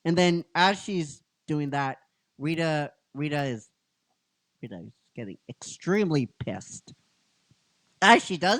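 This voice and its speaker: A man's voice: a little high, lively intonation, takes it slowly, long pauses, fairly bright tone, no echo. A man hosting a casual podcast chat, recapping a story he wrote in a rambling way, full of fillers and "right?". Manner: rambling, filler-heavy, keeps asking "right?". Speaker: podcast host and episode writer.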